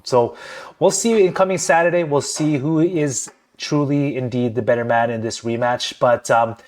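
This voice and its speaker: A man's voice: medium pitch, moderate pace, darkish tone. A man hosting a boxing podcast in a chatty, easygoing way, often stumbling and repeating words. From Philippines. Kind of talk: casual chat.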